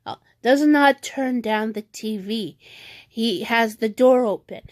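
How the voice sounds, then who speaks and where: A woman's voice: fairly high pitch, slow, no room sound. A woman vlogger ranting at home in a rambling, frustrated way, often restarting her sentences. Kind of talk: venting rant vlog.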